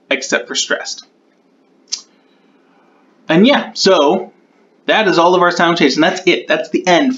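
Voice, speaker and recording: A man talking through his own tutorial, thinking aloud and slowing down as he types out rules. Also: medium pitch, a bit bright, lo-fi sound. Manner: muses aloud, repeats test words, slows down while typing. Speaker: conlang creator.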